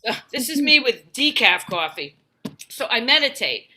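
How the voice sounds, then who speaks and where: A middle-aged woman doing a self-deprecating stand-up set, with quick punchlines and mock-soothing meditation voices. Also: fairly high pitch, big pitch swings, sharp tone, slight background noise, poor audio. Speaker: stand-up comic. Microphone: video call.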